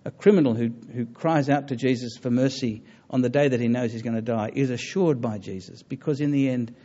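A man giving a public talk on religion and taking audience questions, earnest and halting, with many fillers and restarts. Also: medium pitch, dark tone, muffled recording. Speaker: lecturer on religion.

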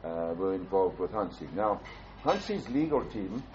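A man's voice: big pitch swings, normal speed, a little mellow. Older man telling a testimony. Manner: earnest, repeats and restarts phrases, rises in pitch for emphasis. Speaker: pastor telling a personal story. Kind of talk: storytelling testimony. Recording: dull, slightly muffled with faint background hiss.

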